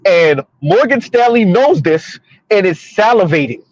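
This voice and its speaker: A man's voice: sits high, big pitch swings, a little slow, no room sound, dull audio. A man in his thirties giving casual livestream commentary, rambling and repeating himself, laughing at his own jokes.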